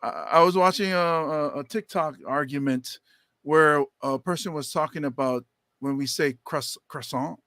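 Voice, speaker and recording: A man co-hosting a podcast in casual chat, animated, with quick asides and teasing jokes. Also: on the high side, dry recording, clean studio sound. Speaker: podcast co-host.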